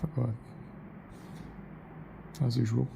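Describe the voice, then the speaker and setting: A man's voice: mid-range voice, level tone, takes it slowly, vocal fry, background noise. A man rambling in a solo vlog monologue, asking himself questions and correcting his own word choices. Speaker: vlogger.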